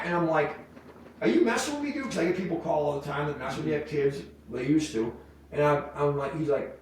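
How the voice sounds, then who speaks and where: A middle-aged man, telling rambling, profane stories as a podcast guest, animated when he quotes people. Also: a little high, a little fast, slight background noise. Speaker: podcast guest, wildlife removal business owner. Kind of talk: casual storytelling. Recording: echoey room, mic at a distance.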